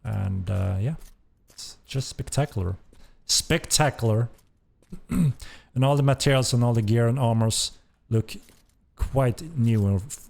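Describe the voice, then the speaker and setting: A man's voice: fairly low pitch, gravelly, darkish tone. A man hosting a game developer stream, giving enthusiastic live commentary as he plays and repeating his praise. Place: at a computer playing the game.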